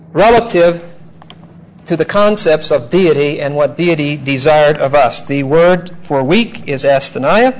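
A man teaching a Bible passage verse by verse, measured and emphatic, explaining Greek grammar. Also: fairly high pitch, rough recording. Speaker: preacher.

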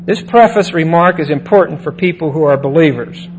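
A man's voice: a little high, a little fast, slight background noise, poor audio. A man teaching a Bible lesson in a sermon style, who often repeats key phrases and checks in with his listeners.

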